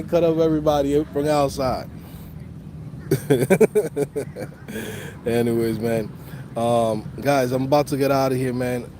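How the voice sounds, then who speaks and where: A man's voice: mid-range voice, unhurried, long pauses, dark tone, slight background noise. A man from the Dominican Republic with a New York accent, hosting a casual livestream in loose, slangy talk full of swearing, recorded on a phone outdoors. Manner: loose, slangy, swears a lot, laughs often. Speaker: host of a coding channel livestream.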